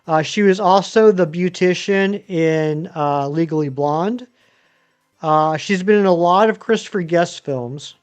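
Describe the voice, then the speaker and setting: A man's voice: high-pitched, measured pace, clean tone. A man in his thirties chatting casually on a live stream, rambling and answering viewers. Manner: rambling, chatty, many ums and uhs. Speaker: game streamer.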